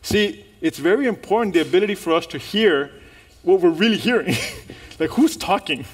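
A male pastor preaching a sermon, lively and animated, firing rhetorical questions and laughing with the congregation. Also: high-pitched, normal speed, slightly rough.

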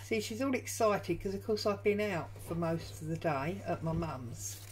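A woman's voice: on the low side, expressive, moderate pace, a little hiss or hum, low-quality recording. A woman hosting a crafting tutorial from her home craft room, chatting and thinking aloud as she works. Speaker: junk journal crafter and channel host.

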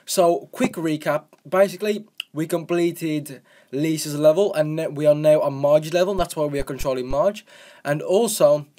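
A man giving casual, jokey commentary while playing a video game, rambling and breaking into excited yells. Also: a little high, normal speed. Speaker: gaming commentator.

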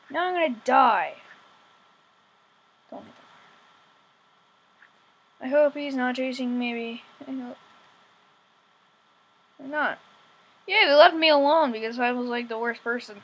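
A young woman giving rambling, excitable let's-play commentary, often whining, recorded on a poor home setup. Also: high-pitched, a little slow, long pauses, husky. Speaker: gamer.

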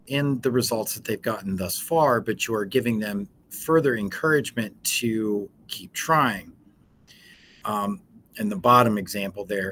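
A man with a fairly low voice talks through a lesson in a relaxed, explanatory way. He fills pauses with frequent ums. A faint background noise sits under his voice. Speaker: educator. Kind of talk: informal teaching talk.

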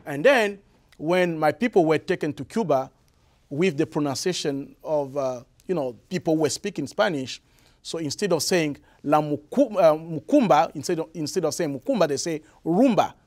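A young man from the Republic of the Congo with a Congolese French accent, answering interview questions in halting English with many restarts. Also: fairly high pitch, animated. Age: young adult. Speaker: guest musician.

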